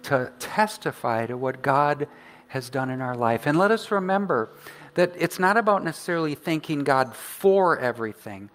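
Man gently exhorting a congregation. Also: on the high side, expressive, moderate pace. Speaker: pastor. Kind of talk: sermon.

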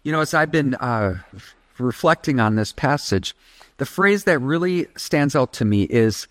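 A man's voice: mid-range voice, animated, measured pace, fairly bright tone, dry recording. A man preaching a sermon as pastor, emphatic, leading the congregation in call-and-response.

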